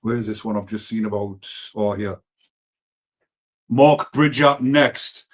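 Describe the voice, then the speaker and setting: Reading through viewer comments on a laid-back live stream, a Geordie man talks bluntly, swears a lot, and goes off on tangents. He speaks slowly, with a voice on the low side.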